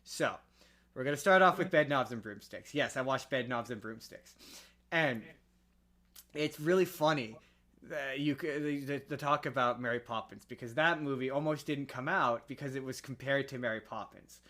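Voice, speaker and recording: A man's voice: medium pitch, normal speed, fairly bright tone. A man co-hosting a podcast, chatting casually about movies with jokey asides. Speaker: podcast co-host. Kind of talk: casual chat.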